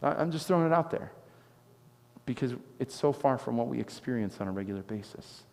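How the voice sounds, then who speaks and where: A man preaching a sermon as pastor, telling stories with animated swings from loud exclamations to quiet intensity. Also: medium pitch, fairly quick, gravelly, in a large hall. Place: church sanctuary.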